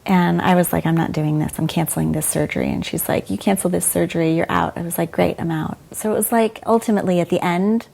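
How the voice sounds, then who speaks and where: A woman's voice: on the low side, fairly even intonation, fast talker, creaky, hardly any pauses, a little mellow. A middle-aged woman, a former doctor, telling frank, emotional stories in an interview and quoting people as she goes. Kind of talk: candid conversational storytelling.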